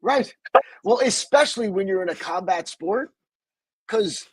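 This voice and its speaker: A man's voice: high-pitched, lively intonation, a little slow, husky, no echo, rough recording. A man hosting a podcast, talking in a rambling, profane, casual way. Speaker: podcast host.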